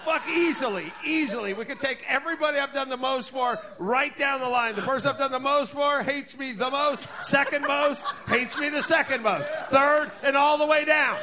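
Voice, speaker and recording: A male podcast host in a loud, profane, exasperated comedic rant that often breaks into shouting. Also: extremely high pitch, fairly even intonation, moderate pace, few pauses, crowd noise.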